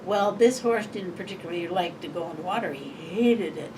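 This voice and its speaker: A woman's voice: on the low side, animated, a little fast. Older Montana woman, interviewee; rambling, chuckling storyteller, recorded off-mic with faint hiss. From Montana, USA. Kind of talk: oral history storytelling. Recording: distant mic, faint background noise.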